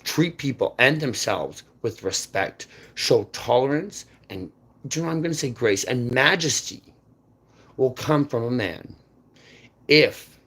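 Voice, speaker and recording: A man delivering an intense, rambling monologue that jumps between topics, repeats words and swings sharply in loudness. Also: medium pitch, lively intonation, measured pace, slightly rough. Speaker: channel host. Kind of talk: rambling unscripted monologue to camera.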